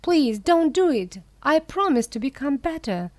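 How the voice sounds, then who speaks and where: Storybook boy, ten, anxious and pleading, voiced by a woman, high-pitched. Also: expressive, a little slow, darkish tone, no room sound. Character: ten-year-old schoolboy, anxious and pleading.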